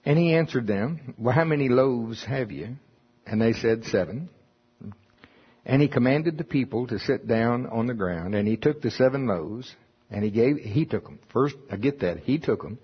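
A man's voice: medium pitch, expressive, moderate pace, breathy edge, muffled recording. A man preaching folksy Bible teaching, reading scripture aloud and explaining it with chuckling asides.

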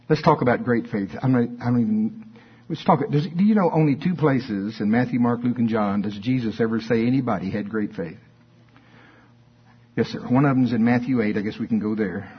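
A man's voice: mid-range voice, moderate pace, pauses often, breathy edge, lo-fi sound. A man preaching a sermon in a church, moving between emphatic questions and folksy asides. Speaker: pastor.

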